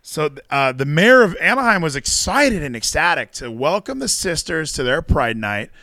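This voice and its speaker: A man's voice: fairly high pitch, very animated, normal speed, bright, forceful tone, no echo. A man co-hosting a casual podcast, ranting with sarcasm and mock quotes. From Texas. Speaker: co-host.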